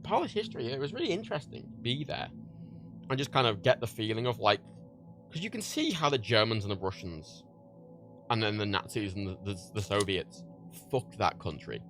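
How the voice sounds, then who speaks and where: Packing print orders in his home workspace, an Irish livestream host chats casually and rambles, repeating words and leaning on fillers. His voice is on the low side, very animated, fairly quick, and fairly bright, with soft music in the background.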